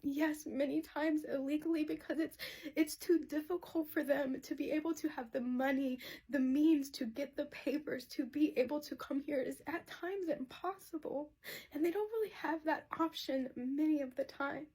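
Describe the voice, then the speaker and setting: A woman's voice: high voice, fairly even intonation, normal speed, dark tone. A woman speaking in an impassioned, swearing opinion video, nearing tears.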